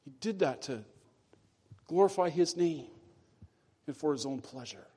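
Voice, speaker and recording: A man preaching a sermon in a fairly high voice. He is earnest and deliberate, and he slows down and sinks his voice low to press home each key phrase. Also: lively intonation, mellow, slightly rough. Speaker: pastor.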